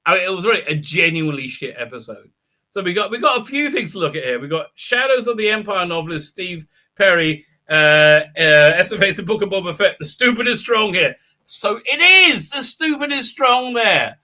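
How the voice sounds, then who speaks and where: Bright, rambling man reviewing. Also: sits high, expressive, brisk. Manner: rambling, irreverent, heavy on fillers. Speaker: show host and reviewer. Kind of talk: casual review commentary.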